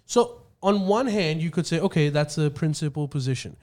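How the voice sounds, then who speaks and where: A man with a somewhat high-pitched voice, talking casually as a podcast host. He lays out his points methodically and keeps restarting his sentences as he searches for words. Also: expressive, moderate pace, a little mellow. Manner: explanatory, methodical, hesitant restarts. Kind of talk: casual chat.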